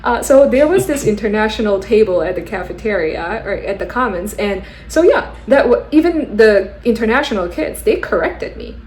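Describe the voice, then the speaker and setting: A woman's voice: mid-range voice, animated, normal speed, few pauses, darkish tone. A young woman from Mizoram with a Mizo-influenced American accent, chatting casually as a podcast host and filling her speech with "like" and "you know". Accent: Mizo-influenced American English. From Mizoram, India. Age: young adult. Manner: chatty, lots of "like" and "you know", laughs easily. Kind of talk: casual conversation. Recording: echoey room with faint noise.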